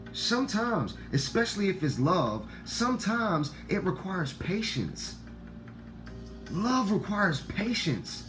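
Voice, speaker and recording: A man with a deep voice and a Black way of talking lectures his viewers, repeating lines and swearing as he goes. His voice jumps from loud outbursts to low, muttered asides. Faint music plays under him. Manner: swings between loud outbursts and low murmurs. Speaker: online talk host. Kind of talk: casual monologue to viewers.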